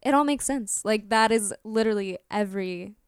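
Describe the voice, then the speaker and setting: A woman's voice: medium pitch, moderate pace, smooth, no room sound, studio quality. A young woman from Florida, a singer and actress, chatting as an interview guest in a bubbly way, laughing often and saying "like" a lot. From Orlando, Florida, US. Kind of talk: casual interview chat.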